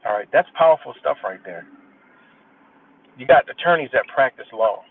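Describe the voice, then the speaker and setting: A man's voice: medium pitch, animated, creaky, a little hiss or hum. A man hosting a livestream, reading legal citations aloud and commenting bluntly, with plenty of cursing. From New York State. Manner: blunt, profane, reads case citations haltingly then rants. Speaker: livestream host. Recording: tinny phone-like sound, distant from the mic, dry.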